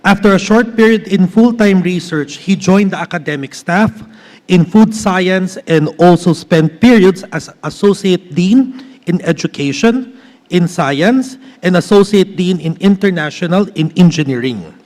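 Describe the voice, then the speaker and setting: High-pitched male host reading a speaker intro, halting, echoey hall. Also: darkish tone. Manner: reads with hesitations and restarts. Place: large conference hall. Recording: long hall reverb.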